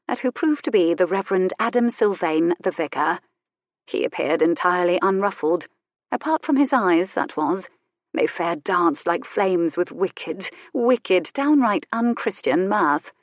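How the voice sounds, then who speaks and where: A woman narrating a historical romance audiobook in an expressive, measured storytelling manner. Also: fairly low pitch, no room sound. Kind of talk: scripted narration.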